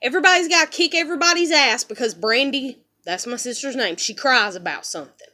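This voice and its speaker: A woman's voice: sits high, expressive, quick pace, pushed and bright. A woman venting bitterly in a vlog, swearing heavily and rambling with lots of fillers. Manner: heavy swearing, rambling with "you know" fillers; bitter and heated. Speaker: vlogger. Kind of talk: angry personal rant.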